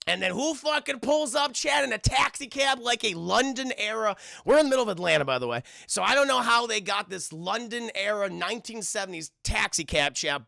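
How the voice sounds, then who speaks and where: High raspy dude ranting a tv recap to his stream chat, swears a lot, sharp tone. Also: dry recording, studio quality. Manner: profane, excitable, keeps addressing chat. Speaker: streamer reviewing a TV episode. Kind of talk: casual live-stream review chat.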